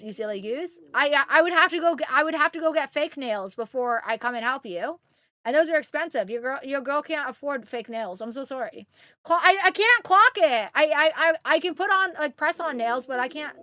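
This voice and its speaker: A woman's voice: sits high, bright, forceful tone, no room sound. A woman from Canada streaming live, chatting with viewers and cooing baby talk to her pet. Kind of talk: casual live-stream chat.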